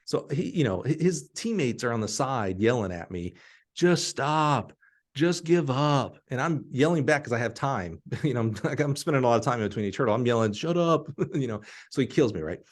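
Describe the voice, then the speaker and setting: A middle-aged man from Alabama, hosting a podcast and telling a story in an animated, laughing way. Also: medium pitch, fast, few pauses. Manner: animated, laughing storyteller who acts out quotes. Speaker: podcast host.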